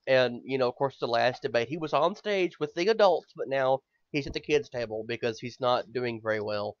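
A man's voice: medium pitch, fairly quick, no echo, muffled recording. A man hosting a podcast in casual chat, rambling and swearing, often stammering as he builds up steam. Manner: rambling, profane, stammers when worked up. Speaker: podcast host.

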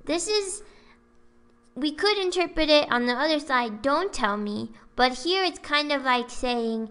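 A woman tutor runs through a language lesson, repeating each example phrase slowly and deliberately. Her voice is a bit higher than most and sounds bright and smooth. She keeps an unhurried, measured pace throughout. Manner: slow, careful enunciation of example phrases. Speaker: Spanish tutor.

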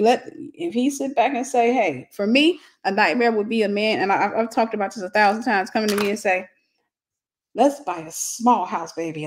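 A woman's voice: mid-range voice, darkish tone. A woman giving a casual, blunt and humorous talk on marriage as a Christian relationship teacher.

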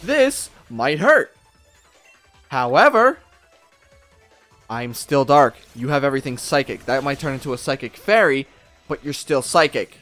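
A man giving casual gameplay commentary, excitable and profane, talking back at the characters on screen. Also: mid-range voice, unhurried, pauses often, soft background music. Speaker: let's play gamer.

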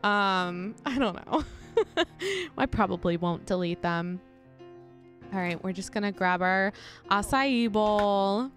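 A woman's voice: medium pitch, slow, long pauses, a bit bright, faint music behind. A young woman chatting casually to viewers while playing a life-sim game, giggly and talkative. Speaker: gaming YouTuber. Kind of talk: casual let's-play commentary.

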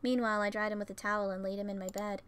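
A woman's voice: medium pitch, level tone, very fast, a bit bright, clear, resonant tone. A woman reading a visual novel game aloud, narrating plainly and breaking in with swearing and joking reactions. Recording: faint music behind.

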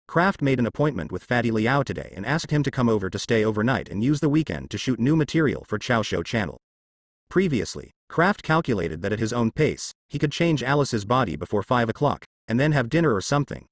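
A man's voice: mid-range voice, no echo. Man narrating a novel, dry close sound. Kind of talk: audiobook narration of translated fan fiction.

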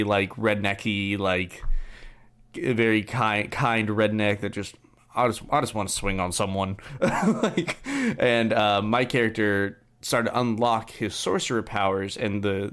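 A young man hosts a podcast, casually rambling through a filler-heavy story about his tabletop game character. His voice is lowish, with a fairly bright, clean tone.

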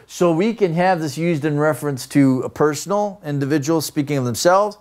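A man's voice: fairly high pitch, moderate pace, few pauses, a little mellow. A man giving a classroom lecture on grammar, explaining step by step and often checking with "right?". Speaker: Greek grammar teacher.

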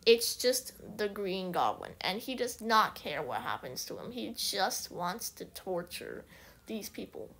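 A woman vlogger rambling excitedly through a casual movie recap, full of restarts. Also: mid-range voice, measured pace.

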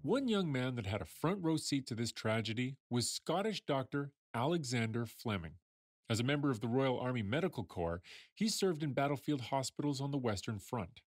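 A man's voice: mid-range voice, animated, moderate pace, no room sound. A man hosting a science show, telling a story in a playful, chatty way that speaks straight to the listener. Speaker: host.

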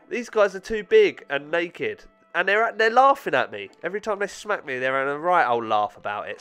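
A man giving excitable, self-mocking let's-play commentary with frequent swearing. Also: medium pitch, smooth. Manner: excitable, swearing, laughing at himself. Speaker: gaming channel host.

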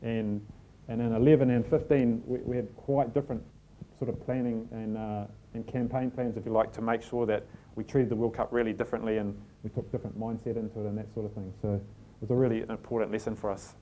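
A man's voice: on the low side, flat delivery, fast, warm tone, slight background noise. A middle-aged man with a New Zealand accent, giving a live talk to an audience and telling stories with self-deprecating humour. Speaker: team manager giving a talk. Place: packed function room.

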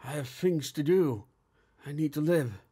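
A man's voice: a little high, measured pace, mellow, husky. A man voicing an old police inspector, stammering and pleading as he bleeds out. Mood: bewildered. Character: old male police inspector, wounded and bewildered.

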